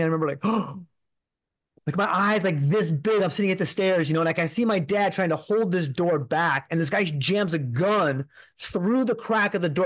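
Earnest, rambling man, fairly high voice. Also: lively intonation, brisk, no room sound. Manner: earnest, rambling, heavy on "like" fillers. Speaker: podcast guest. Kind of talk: personal storytelling in an interview.

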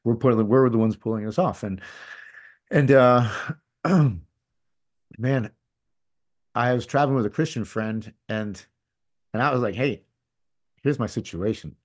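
A middle-aged man telling a personal story as a podcast guest, candid and rambling, his voice dropping to a hush and rising again. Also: mid-range voice, measured pace, long pauses. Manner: candid, rambling, swings between loud and hushed. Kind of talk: casual storytelling.

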